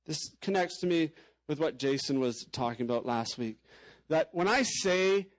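High-voiced man preaching conversationally. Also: expressive, normal speed, rough recording. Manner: candid, conversational preaching with frequent "like" and "you know". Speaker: pastor. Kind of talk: sermon.

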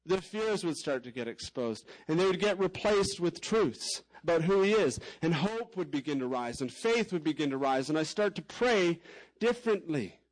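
High-voiced man preaching conversationally. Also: expressive, normal speed, poor audio. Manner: candid, conversational preaching with frequent "like" and "you know". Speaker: pastor. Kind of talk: sermon.

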